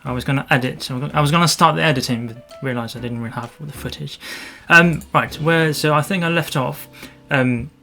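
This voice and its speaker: A man talking casually about his landscape photographs in a vlog, halting and restarting often with small self-deprecating asides. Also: a little high, gravelly, bright, forceful tone, faint music behind.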